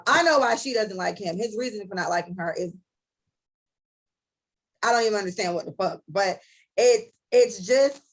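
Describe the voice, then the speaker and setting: A woman's voice: medium pitch, low-quality recording. A young woman co-hosting a casual podcast, telling a story bluntly and profanely and acting out both sides of an argument. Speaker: podcast co-host.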